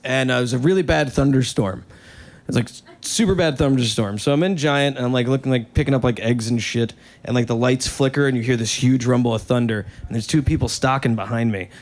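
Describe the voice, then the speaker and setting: A man's voice: mid-range voice, brisk. A man from New York telling a rambling, profane, self-mocking story as a stand-up comedian. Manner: casual, profane and self-mocking, with many "like" fillers.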